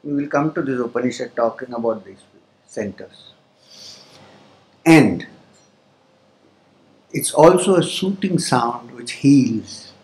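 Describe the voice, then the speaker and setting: A man, a spiritual teacher, giving a spiritual discourse to a live audience in a hall. He explains slowly, pauses often, and chants Sanskrit terms. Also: mid-range voice, vocal fry, a little mellow.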